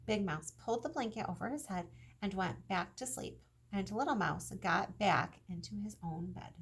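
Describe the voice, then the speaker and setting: A young adult woman, a kindergarten teacher, reading a children's story aloud in a gentle, expressive way that speaks to young listeners. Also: mid-range voice, normal speed, gravelly, slight background noise.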